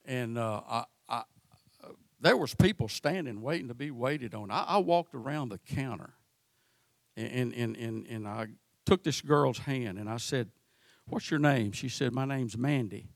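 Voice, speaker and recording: A man's voice: medium pitch, animated, dry recording, studio quality. A man preaching a sermon, stumbling and repeating words as he goes. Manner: halting, repeats words often. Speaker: pastor.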